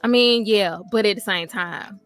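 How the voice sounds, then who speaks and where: Woman co-host with a gravelly edge, lively and teasing, faint music bed. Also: medium pitch, normal speed. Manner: animated, playful teasing. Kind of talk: casual chat.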